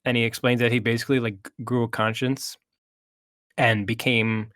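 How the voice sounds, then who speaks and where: A man's voice: medium pitch, level tone, normal speed, fairly bright tone, no echo, clean studio sound. Man co-hosting a casual movie chat. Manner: retells plot with hesitations and restarts. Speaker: co-host, movie reviewer.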